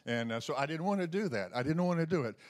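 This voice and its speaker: A man's voice: a little high, animated, quick pace. A man giving a testimony sermon as a lay healing minister, telling folksy stories with chuckles and many fillers.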